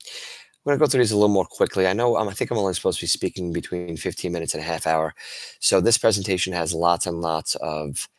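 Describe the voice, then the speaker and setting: A man with a low, deep voice walks other teachers through a screen demo in a relaxed, enthusiastic way. He restarts words now and then and keeps it conversational. The recording is dry and close, with little room sound. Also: fast talker, no echo. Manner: casual and enthusiastic, with frequent restarts and fillers. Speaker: teacher presenting to educators. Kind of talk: webinar presentation with screen demo.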